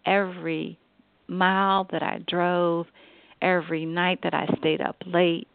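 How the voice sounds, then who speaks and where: Middle-aged woman telling a family story, gravelly voice, tinny phone-like sound. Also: lowish voice, no room sound. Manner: warm, conversational, acts out quoted voices. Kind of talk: personal storytelling.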